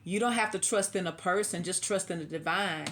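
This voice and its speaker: A woman's voice: fairly low pitch, brisk, very noisy. A woman giving a casual tarot reading, chatty and preachy, laughing often. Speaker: tarot reader.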